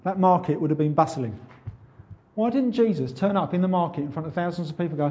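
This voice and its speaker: Impassioned preacher, muffled recording. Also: male voice, high-pitched, animated, quick pace. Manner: impassioned, rhetorical questions, builds to loud exhortation. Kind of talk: sermon.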